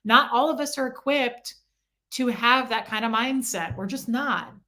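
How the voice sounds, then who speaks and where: A woman's voice: a little high, a little slow, pushed and bright. A middle-aged woman hosting a casual livestream, chatting and answering viewer comments by name. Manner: coos baby talk at her small dog.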